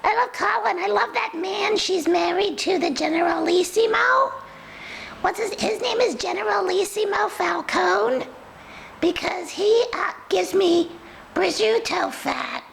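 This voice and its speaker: A woman's voice: a little slow, slight background noise, exaggerated voice, rough recording. A woman voicing a sassy, food-loving female pet dog with a New York accent, rambling and confiding. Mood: chatty. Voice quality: very high, gravelly. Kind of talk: comic pet voice role-play.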